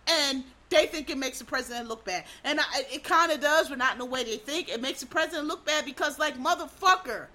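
A woman ranting in a blunt, heated comedic style, swearing constantly and swinging between loud outbursts and low muttering. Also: a little fast, few pauses. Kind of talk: profane comedic rant.

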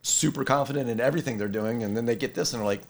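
A man's voice: medium pitch, racing. A man in casual conversation, telling stories and acting out the voices of the people in them. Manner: animated storyteller who acts out quoted voices. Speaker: inventor of a firefighter rescue board.

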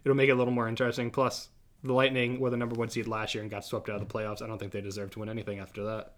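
A man's voice: on the low side, level tone, very fast. Guy hosting a sports podcast, laid-back chatty, laughs a lot mid-story. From Massachusetts. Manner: chatty, laughs often while telling stories. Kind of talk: casual chat.

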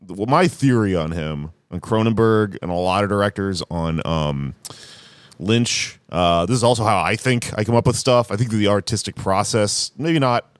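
A man's voice: fairly low pitch, normal speed, no echo. A man talking casually on a podcast, rambling and swearing with lots of fillers. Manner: rambling, profane, many fillers. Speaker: comedian podcast host.

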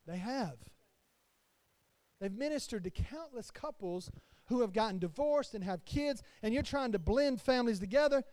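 A man, a pastor, preaching a sermon to his congregation with his voice rising and falling in loudness. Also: very high voice, animated, normal speed, no echo.

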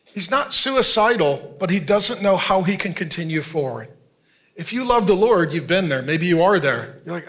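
A man with a high voice delivers a sermon as a pastor. He speaks earnestly and conversationally, and he keeps turning to the congregation with direct questions. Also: animated, unhurried, a bit bright.

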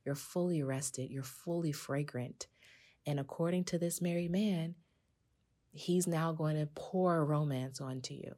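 A woman's voice: sits low, a little slow. A woman hosting a podcast, talking casually and with animation to her listeners. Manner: animated, conversational, addresses listeners as sis. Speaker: podcast host.

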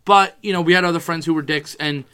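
A man in his twenties telling a sports story in casual chat, animated and profane, often quoting himself. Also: on the high side, fast talker, smooth.

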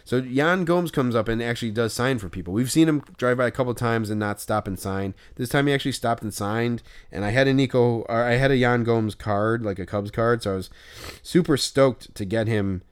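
A man co-hosting a casual podcast, telling a story full of "like" and loudly acting out what people said. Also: mid-range voice, brisk, clear, resonant tone. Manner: animated retelling with loud acted-out quotes and filler "like". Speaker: podcast co-host.

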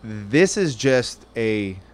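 A man's voice: lowish voice, big pitch swings, very slow. A man hosting a casual, profane chat, rambling and joking, and asking loose hypothetical questions.

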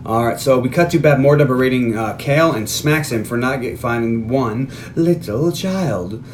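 A man's voice: medium pitch, a little mellow, slight background noise. A man co-hosting a movie podcast, casually retelling scenes, laughing and swearing often. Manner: laughing, profane, retells scenes with quick voiced quotes. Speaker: podcast co-host. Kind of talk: casual movie recap chat.

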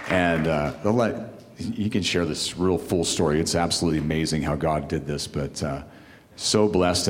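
A man's voice: sits low, in a large hall, background noise. A man at a church service, rambling and enthusiastic as he introduces the guest preacher. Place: church sanctuary.

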